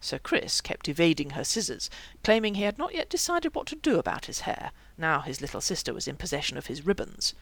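A narrator reading a fantasy novel aloud in a lively, expressive way. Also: medium pitch, fairly quick, creaky, few pauses, no echo. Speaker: audiobook narrator. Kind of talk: audiobook narration.

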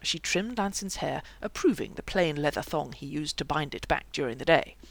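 A narrator reading a fantasy novel aloud in a lively, expressive way. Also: medium pitch, normal speed, gravelly. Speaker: audiobook narrator. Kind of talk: audiobook narration.

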